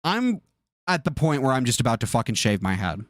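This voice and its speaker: A man's voice: mid-range voice, very animated, fairly quick, no room sound, studio quality. A man in his twenties doing livestream commentary from his bedroom, ranting in an exasperated, profane way. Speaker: streamer. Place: bedroom with a fan blowing.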